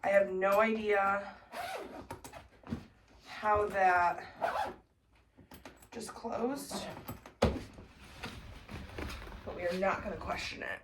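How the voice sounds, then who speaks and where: A woman's voice: medium pitch, fairly even intonation, takes it slowly, long pauses. A young woman vlogging casually at home and chatting to her viewers. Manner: chatty, talks to her pet in a baby voice. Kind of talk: casual vlog chat. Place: bedroom and home office, indoors. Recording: distant mic, faint background noise.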